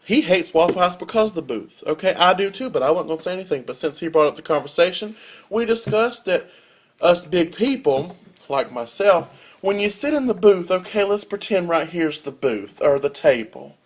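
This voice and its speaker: Animated young man ranting. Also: normal speed. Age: young adult. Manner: animated storytelling with wide swings in pitch and loudness. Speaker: college student vlogger. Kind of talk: casual comedic rant.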